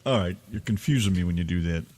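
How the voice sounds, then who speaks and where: A man's voice: deep voice, fast talker, warm tone. A man from Texas, co-hosting a casual radio chat in a teasing, joking way. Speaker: co-host.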